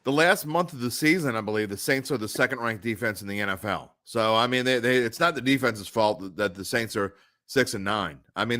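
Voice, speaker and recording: A man's voice: medium pitch, bright, forceful tone, dry recording. Male podcast co-host, emphatic sports opinions, dry room. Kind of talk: casual sports talk.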